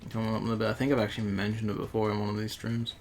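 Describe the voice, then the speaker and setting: A man's voice: fairly low pitch, completely flat delivery, rapid-fire, creaky, faint music behind. A man chatting offhand and swearing while streaming a mobile game. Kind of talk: casual gaming stream chat.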